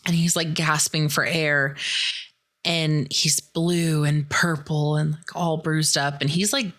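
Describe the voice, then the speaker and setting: Low-voiced, bright-toned woman podcast host. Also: steady tone, slow. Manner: chatty, peppered with "like" and "dude". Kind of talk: casual film recap.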